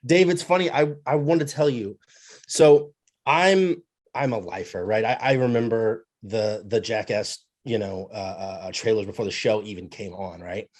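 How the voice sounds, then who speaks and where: A man's voice: lowish voice, normal speed, darkish tone. A man interviewing two guests in a casual, chatty way, laughing often and rambling.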